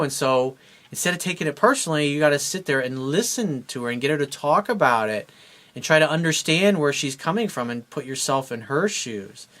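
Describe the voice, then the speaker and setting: A man's voice: mid-range voice, pushed and bright. A man giving blunt, emphatic relationship advice as a dating coach, speaking straight to his viewers. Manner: blunt, emphatic, acts out both sides of a couple's talk. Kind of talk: direct-to-camera advice monologue.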